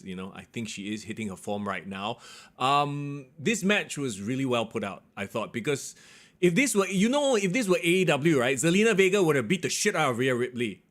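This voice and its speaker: Animated man chatting wrestling. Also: medium pitch. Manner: animated, excitable, laughs often. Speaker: podcast co-host. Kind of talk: casual wrestling review chat.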